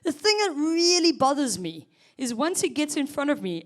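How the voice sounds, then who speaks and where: Brief: thirties South African woman comic, bouncy high voice, conversational stand-up delivery. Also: normal speed, few pauses, a faint crowd. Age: 30s. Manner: chatty, teasing the audience, animated. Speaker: stand-up comedian. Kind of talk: stand-up comedy set.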